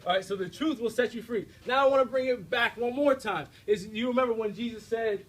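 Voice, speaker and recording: Energetic high-voiced young man preaching. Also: brisk, few pauses, a little hiss or hum, poor audio. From United States. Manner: energetic, direct, preachy, with frequent checks like "all right?". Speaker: speaker giving a faith talk. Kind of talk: live faith talk to a student audience. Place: university room before an audience.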